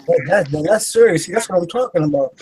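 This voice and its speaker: A man with a slightly raised pitch talks in a relaxed, musing way. He circles back on his words and often restarts them. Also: a little fast, poor audio. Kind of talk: casual group chat.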